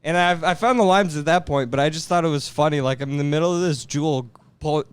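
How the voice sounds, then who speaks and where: A man's voice: on the high side, fast talker, clean tone, no echo. A young man co-hosting a podcast, telling rambling stories in casual chat and swearing freely. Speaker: podcast co-host.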